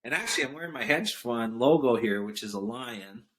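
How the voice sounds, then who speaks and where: Briskly and in a mid-range voice, a guest entrepreneur shares a business story on a podcast. It's a storytelling interview chat, and he animatedly voices the quotes of others.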